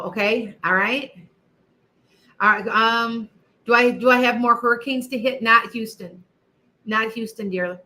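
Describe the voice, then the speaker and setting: A woman's voice: mid-range voice, pushed and bright. A middle-aged woman hosting a live psychic question session, talking emphatically and repeating herself, with chatty asides to viewers. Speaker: psychic livestream host answering viewer questions. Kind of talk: casual live-stream chat.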